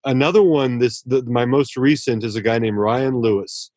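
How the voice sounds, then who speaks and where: An author appears as a guest on a casual podcast interview, speaking at normal speed in a mid-range voice. He is earnest, praising effusively and warmly, and often restarts sentences as his thoughts run ahead. The recording is close and dry, with no room sound.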